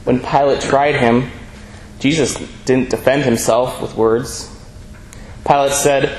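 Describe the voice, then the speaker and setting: A man preaching a sermon in an earnest, measured way, reading scripture aloud between his points. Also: medium pitch, steady tone. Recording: echoey room with faint ambient noise.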